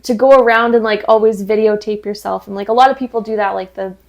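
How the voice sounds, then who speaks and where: A woman's voice: medium pitch, fairly even intonation, quick pace. Giggly, chatty woman co-host. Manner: chatty and giggly, many "like" fillers. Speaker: podcast co-host. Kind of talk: casual chat over drinks. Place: indoor podcast set, filmed.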